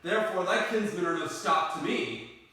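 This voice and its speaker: An earnest young Romeo pours out verse in a high, bright voice, as a man reads the part. The sound carries from a distance through a very echoey room. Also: moderate pace. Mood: ardent. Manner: declaiming verse with raised voice. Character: young male lover Romeo, earnest and bold. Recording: echoey room, mic far off.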